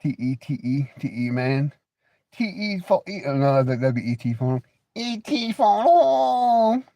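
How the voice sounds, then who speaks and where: A man's voice: medium pitch, animated, normal speed, mellow, no echo. A man hosting a casual livestream, rambling, joking, laughing often and teasing viewers with crude banter. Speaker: livestream host.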